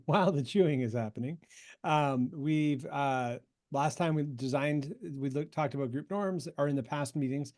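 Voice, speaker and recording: Halting, appreciative man giving an update. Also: fairly high pitch, a little mellow. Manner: halting, self-correcting, appreciative. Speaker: committee co-chair. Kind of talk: casual meeting update.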